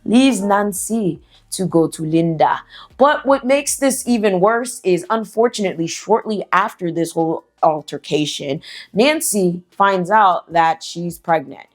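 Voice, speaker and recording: A woman's voice: fairly low pitch, a little slow. A woman telling a story in a casual, slangy, chatty way, swearing freely. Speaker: storyteller host.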